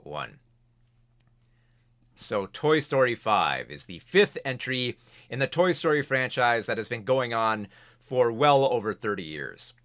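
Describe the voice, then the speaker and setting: A man reviews movies in a loose, chatty way, often stopping to restart his sentences. His pitch moves up and down a lot as he talks. He records at home in front of a camera. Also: a bit bright. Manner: rambling, restarts sentences, laughs at himself. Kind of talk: casual spoken film review. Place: home recording setup with camera and big monitor.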